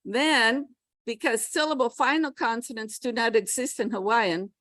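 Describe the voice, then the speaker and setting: American lady teaching a pronunciation class, kinda high voice, dry close sound, keeps going okay? all right?. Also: moderate pace, a bit bright, no echo. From United States. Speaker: pronunciation workshop presenter. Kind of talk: lecturing to a class.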